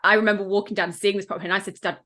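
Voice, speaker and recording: A woman's voice: medium pitch, fairly even intonation, very fast, sharp tone. A woman from northern England, a podcast host, telling a chatty anecdote with self-mocking laughs. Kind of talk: casual chat.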